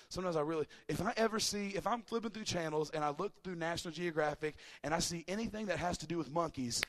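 A man preaching a sermon as pastor, animated, swinging from loud shouts to quiet, casual asides. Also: on the high side, fast talker. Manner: casual, chatty asides with laughter.

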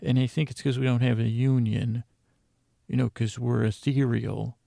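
Gravelly, low-key man as a rambling comic narrator who keeps breaking off into asides. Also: steady tone, normal speed, mellow, no echo, clean studio sound. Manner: rambling, self-interrupting, chatty asides. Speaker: fictional narrator. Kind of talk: improvised comedic audio-drama narration.

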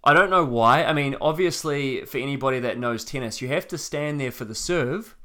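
A young man co-hosting a casual podcast, telling a story with animated repeats when worked up. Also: medium pitch, a little fast. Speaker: podcast co-host.

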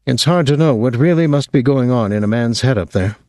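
A male audiobook narrator voicing a calm, reserved man who speaks in a measured, restrained way. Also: medium pitch, no echo, clean studio sound, pitched above the performer's own voice, close to an everyday voice. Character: calm, reserved businessman brother. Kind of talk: audiobook reading.

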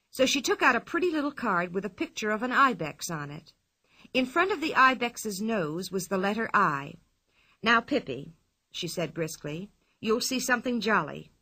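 A woman reading a children's story aloud with an expressive, clear delivery. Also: medium pitch, dry recording. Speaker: narrator.

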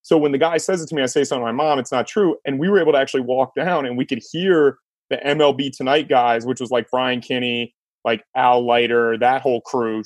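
A man hosting a podcast, telling a sports story in a lively casual way and laughing as he talks. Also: mid-range voice, no room sound. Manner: animated storyteller, laughs mid-sentence. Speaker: podcast host.

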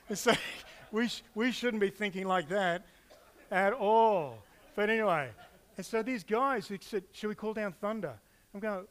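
High-voiced animated preacher man. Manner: animated storytelling, acts out quotes with playful asides. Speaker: pastor. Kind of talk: sermon.

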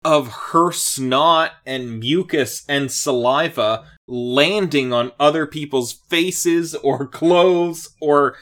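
A woman co-hosting a casual podcast chat about a cartoon episode, playful and quick to laugh. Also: deep voice, a bit bright. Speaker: podcast co-host.

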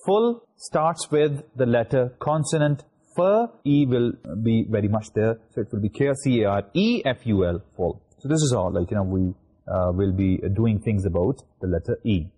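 A man's voice: mid-range voice, animated, moderate pace, warm tone, breathy edge. A middle-aged man from Pakistan with a Pakistani English accent, giving a recorded university lecture and spelling words out letter by letter, with many fillers.

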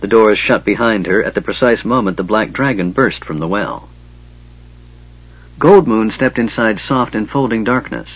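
A man reading an audiobook in measured, storytelling narration, on a slightly dull recording. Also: lowish voice, no room sound. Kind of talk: scripted narration.

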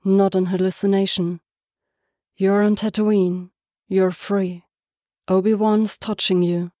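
A woman's voice: medium pitch, little pitch movement, slow pace, warm tone, no room sound, clean studio sound, natural voice. A woman reading the lines of a guarded, weary male ex-soldier in a storybook, tense and clipped.

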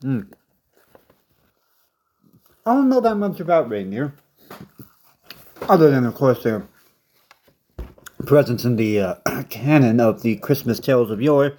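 A man doing comedic banter with dry deadpan timing, delivering mock-grand lines in a low, even voice. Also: a little slow, pauses often.

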